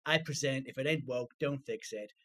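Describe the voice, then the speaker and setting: A man's voice: medium pitch, moderate pace, a bit bright, lightly acted. A man putting on an earnest young American podcaster. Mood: smug. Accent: generic American, put on.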